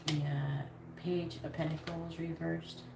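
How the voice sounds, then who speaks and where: A woman's voice: sits low, level tone, measured pace, gravelly, mellow. A woman giving a live tarot reading in a casual, blunt way, swearing freely. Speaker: tarot reader. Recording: echoey room with noise.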